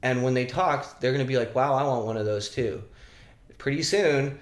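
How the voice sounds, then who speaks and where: A man telling his life stories as a podcast guest, animated and casual, swearing freely and acting out other people's lines. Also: mid-range voice, normal speed. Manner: animated, swearing, acts out shouted quotes. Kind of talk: casual storytelling. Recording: roomy echo.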